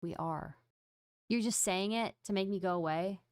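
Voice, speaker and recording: A woman's voice: medium pitch, normal speed, a little mellow, clear, resonant tone, no echo, studio quality. A woman hosting a livestream, chatting casually and playfully with her viewers in a self-mocking way. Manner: playful, self-mocking, talks straight to chat. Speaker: livestream host. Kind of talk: casual stream chat to viewers.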